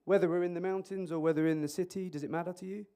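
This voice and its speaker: Animated man quizzing a conference audience. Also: sits high, very fast, smooth. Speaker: conference speaker, emergency clinician. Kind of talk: interactive conference talk. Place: conference hall. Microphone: microphone.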